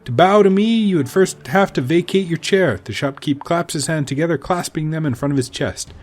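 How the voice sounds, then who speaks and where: A man's voice: on the high side, fairly quick, a little mellow, faint music behind, natural voice. A man reading a peevish, scornful shopkeeper. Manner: curt, scornful. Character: peevish, sharp-tongued male shopkeeper.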